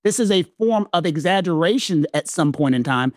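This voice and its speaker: A man's voice: on the high side, animated, normal speed, darkish tone, no room sound, studio quality. A man with a Southern American accent explaining legal points in a podcast discussion, emphatic and lecturing, repeating phrases for weight. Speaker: legal commentator co-host.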